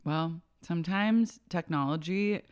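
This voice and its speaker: A woman's voice: fairly low pitch, unhurried, a little mellow, clean tone. A young adult woman co-hosting a casual podcast, playful, slipping into mock voices as she retells scenes. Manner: playful, slips into mock voices of the people discussed. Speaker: podcast co-host. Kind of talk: casual chat.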